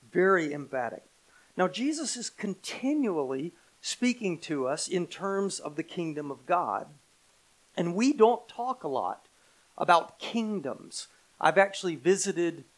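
Middle-aged american guy preaching, kinda high voice, gets slow and loud on the big lines. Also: poor audio. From United States. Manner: emphatic, slows and swells on key phrases. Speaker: pastor. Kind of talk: sermon.

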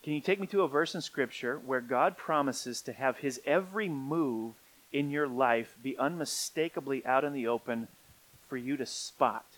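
A middle-aged man preaching a sermon, swinging from quiet, low stretches up to emphatic peaks. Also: normal speed, rough recording. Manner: rising to emphatic peaks, then dropping quiet. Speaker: pastor.

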